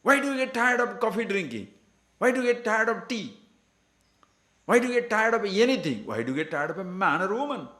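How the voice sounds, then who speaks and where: A man's voice: sits high, very animated, fairly quick, pushed and bright, roomy sound. A man giving a scripture discourse to a class as a spiritual teacher, emphatic and full of rhetorical questions.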